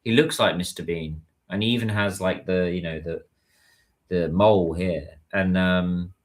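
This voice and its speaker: A British livestream host from the UK keeps things casual, chatting and answering what viewers send in. He speaks a little slowly, in a voice that sits low, with a British English accent.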